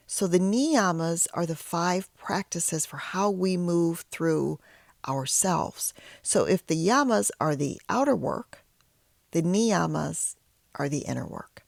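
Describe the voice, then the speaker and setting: This woman is a host and a yoga teacher in training, and her voice is lowish and gravelly. She shares a personal story and teaches in a candid, self-deprecating, conversational way, dropping in quiet whispered asides. The recording is clean studio sound with no room echo.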